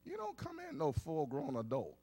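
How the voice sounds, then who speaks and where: A man's voice: fairly high pitch, wildly swooping pitch, moderate pace, warm tone. A man in his fifties preaching a sermon in a conversational way, coaxing the congregation along. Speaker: pastor.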